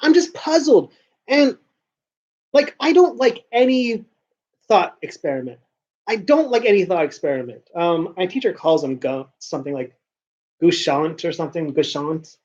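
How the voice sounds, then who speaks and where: A man's voice: high voice, expressive, moderate pace, a little mellow, muffled recording. A man talking casually to camera in a rambling vlog monologue, often restarting and repeating words. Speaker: vlogger.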